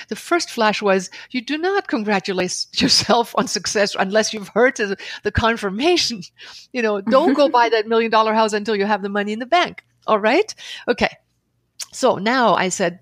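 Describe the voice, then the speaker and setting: Expressive woman guest telling a story. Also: medium pitch, moderate pace, no room sound. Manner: expressive, laughs often, acts out her own inner dialogue. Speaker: podcast guest, author and seminar leader. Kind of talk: animated storytelling in conversation.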